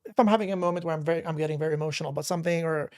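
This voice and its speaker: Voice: mid-range voice, racing, darkish tone. Rambling podcast host telling a story. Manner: rambling, many fillers and restarts. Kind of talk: casual interview chat.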